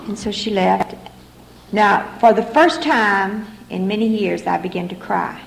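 Speaking a little slowly, with vocal fry in a mid-range voice, a middle-aged woman gives repetitive, heartfelt testimony as a speaker at a recovery meeting. The setting is a hall, and the room recording echoes, with faint noise behind her.

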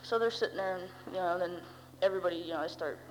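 Teen girl, lower-pitched, wry rambling testimony; long hall reverb, faint hum. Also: fast talker. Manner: rambling, wry, full of "you know" and "uh". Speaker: speaker sharing her story. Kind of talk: personal recovery testimony.

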